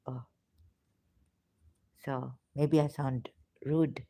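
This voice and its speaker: Speaking slowly with long pauses, a woman who left religion pleads passionately with her viewers in an emotional monologue, now and then whispering. Her voice is low-pitched and dark, recorded without echo.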